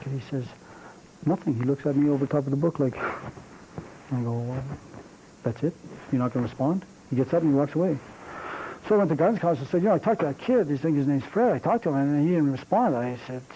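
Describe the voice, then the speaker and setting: A Canadian man, a coach, rattles off a folksy, rambling story to a gathered group, stumbling over restarts as he goes. His voice sits a little high but sounds mellow and dark. A faint hiss of noise hangs behind him. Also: low-quality recording. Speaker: coach giving a talk. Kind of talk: storytelling speech.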